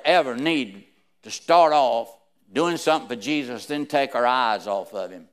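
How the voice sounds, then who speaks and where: A man preaching a sermon, reading scripture aloud and swinging between hushed, slow lines and loud, rising ones. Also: mid-range voice, clear, resonant tone.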